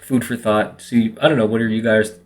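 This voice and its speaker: A man's voice: lowish voice, fairly quick. A man vlogging casually to his viewers, rambling along with lots of fillers. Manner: relaxed, rambling with many fillers. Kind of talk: casual monologue to camera.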